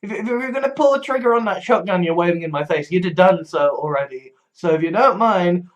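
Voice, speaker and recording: A man's voice: high-pitched, animated, quick pace, highs cut off. A man in a casual rambling monologue, stumbling over restarts, swearing freely and laughing wryly at himself. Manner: wry, laughs often. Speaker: vlogger.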